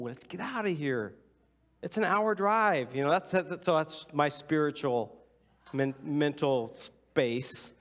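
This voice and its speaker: A man preaching as pastor, telling a personal story in a loose, conversational way and acting out the other voices with whispers and asides. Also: mid-range voice. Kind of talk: sermon storytelling. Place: church sanctuary.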